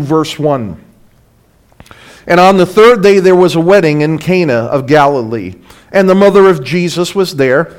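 Emphatic high-voiced male preacher. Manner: emphatic, swings from loud to hushed. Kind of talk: sermon.

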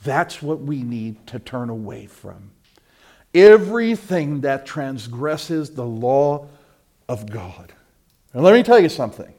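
A middle-aged man preaching a sermon, swinging from loud fervent peaks down to low, quiet storytelling. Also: big pitch swings, slow.

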